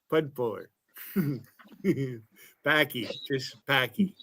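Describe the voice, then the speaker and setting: A man's voice: mid-range voice, lively intonation, very slow, sharp tone, a little hiss or hum. A man hosting a stream panel, talking in brash, trolling, foul-mouthed banter. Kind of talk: casual profane banter.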